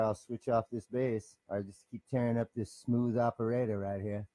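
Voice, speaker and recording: A man improvising comedy as a rough, swaggering bar musician, trading profane threats and banter with a crowd. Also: mid-range voice, little pitch movement, normal speed, hardly any pauses, mellow, no room sound, rough recording. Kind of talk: improvised character comedy monologue.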